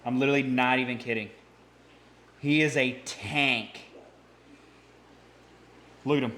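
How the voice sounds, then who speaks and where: An excitable man giving hands-on vlog commentary beside a big fish tank, exclaiming and repeating himself as he talks to his viewers. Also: mid-range voice, a little slow, echoey room, a little hiss or hum. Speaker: fish-keeping vlogger. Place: indoors by a large fish tank. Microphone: camera mic, handheld.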